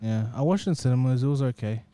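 Rapid-fire casual man, ordinary pitch, loose filler-heavy chatter. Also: dark tone, smooth, dry recording. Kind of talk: casual chat about films and comedy.

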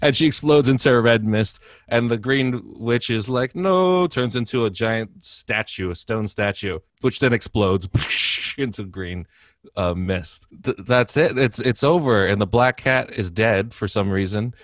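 A man's voice: fairly low pitch, measured pace, no room sound, studio quality. A man casually retelling a movie plot in a playful way, laughing often as he goes. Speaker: podcast co-host.

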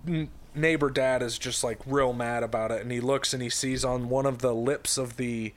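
A man casually retelling a story to a friend on a podcast, wandering and backtracking as he goes. His voice sits at an ordinary middle pitch. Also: steady tone, normal speed. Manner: rambling storyteller with many fillers and restarts. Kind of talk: casual chat.

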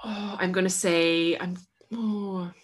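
A woman co-hosting a casual podcast invents a story on the spot, rambling and using lots of fillers. Her voice is fairly low and steady, her pace slow, and a little hiss or hum can be heard.

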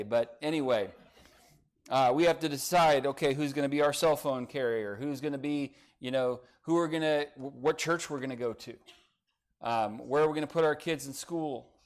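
An older man preaching a sermon, earnest and urgent, asking his listeners direct questions and adding folksy, joking asides. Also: mid-range voice. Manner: earnest, rises to urgent emphasis, asks the congregation direct questions; folksy asides and light humor.

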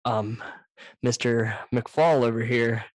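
A man's voice: mid-range voice, steady tone, takes it slowly, no room sound. A young man hosting a podcast over a video call, telling stories casually with plenty of swearing and laughter, sitting very close to his microphone. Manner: profane, laughing, storytelling. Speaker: podcast host. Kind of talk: casual chat. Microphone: very close to the mic, loud.

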